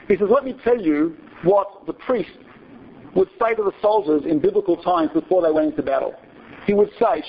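A man's voice: high-pitched, moderate pace, slightly rough, dull audio. A man giving a talk to an audience, telling a story in a conversational way and often checking in with "right?". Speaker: speaker.

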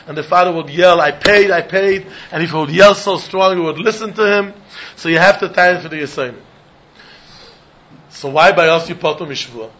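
Sing-song teacher, bright. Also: male voice, high-pitched. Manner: sing-song, repeats key points, mixes in Hebrew and Yiddish terms. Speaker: Talmud teacher. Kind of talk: Talmud lesson.

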